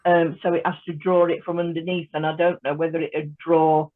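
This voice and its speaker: A woman chatting casually as a guest on a video call, hesitant with many pauses and restarts. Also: deep voice, level tone. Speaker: guest creator. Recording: tinny phone-like video call line.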